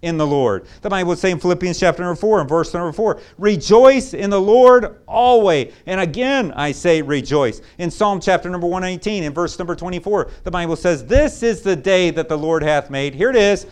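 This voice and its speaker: A man preaching a sermon as pastor, swinging between loud, excited bursts and hushed, low asides. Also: fairly quick, few pauses, clear, resonant tone.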